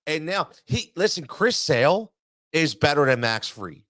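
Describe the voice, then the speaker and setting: A man's voice: fairly high pitch, sing-song, a little slow, a bit bright, dry recording, clean studio sound. A man hosting a sports talk show, ranting in an exasperated monologue full of repetition and stammering restarts.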